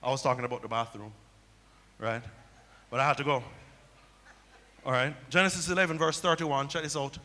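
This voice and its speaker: A man's voice: mid-range voice, fairly even intonation, a little fast, pauses often, sharp tone. A man preaching a sermon as pastor, telling stories and repeating key phrases back to the congregation. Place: church sanctuary. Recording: long hall reverb.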